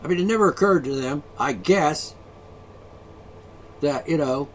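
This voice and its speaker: A man's voice: on the high side, unhurried, pauses often. A man ranting alone, profane and sarcastic, mocking the people he is angry at. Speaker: ranting vlogger. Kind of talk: angry solo rant.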